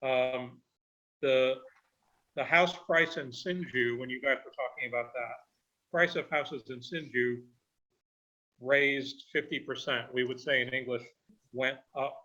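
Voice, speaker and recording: A man's voice: medium pitch, steady tone, unhurried, pauses often, pushed and bright, highs cut off. A man giving a grammar report at an online meeting, explaining word usage with examples over a video call.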